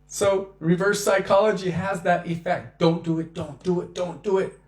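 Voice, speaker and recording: A man giving a devotional talk on scripture, telling stories with lively acted-out quotes. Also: sits high, unhurried, pauses often, echoey room. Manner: animated storyteller who acts out quotes. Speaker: devotional speaker.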